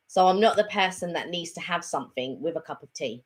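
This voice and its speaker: A woman chatting casually as co-host of a live stream, her voice sitting a little low. She rambles comfortably, trailing off and restarting her sentences, with plenty of fillers along the way. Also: lively intonation, a little fast. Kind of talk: casual chat.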